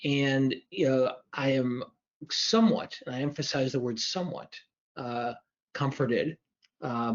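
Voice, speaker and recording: A man, a politics professor, giving measured analysis and answering audience questions on a livestream, hedging carefully and restarting phrases. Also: mid-range voice. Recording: dull lo-fi stream audio.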